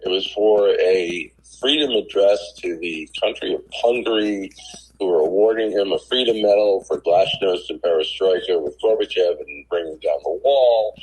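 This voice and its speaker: A middle-aged man, a TV producer, telling lively anecdotes as a guest on a podcast. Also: sits low, husky, poor audio. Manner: animated anecdotes with acted quotes. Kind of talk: casual storytelling in a podcast interview.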